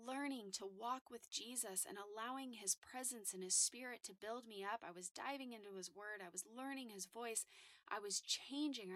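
A woman's voice: a little high, pushed and bright, no echo. A woman hosting a faith podcast, giving her testimony and urging listeners in an earnest, emphatic way with repeated phrases. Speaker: podcast host sharing testimony.

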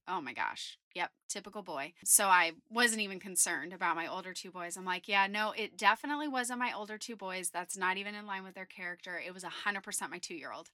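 A woman in her thirties hosting a faith podcast, telling a personal story in a chatty, candid, animated way. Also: mid-range voice, no echo, clean studio sound. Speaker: podcast host.

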